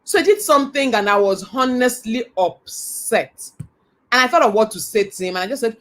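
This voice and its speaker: A middle-aged woman with a Nigerian accent delivers a motivational talk. Her voice sits a little high. She tells her stories with animation and earnest conviction. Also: animated, normal speed, fairly bright tone. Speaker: motivational speaker.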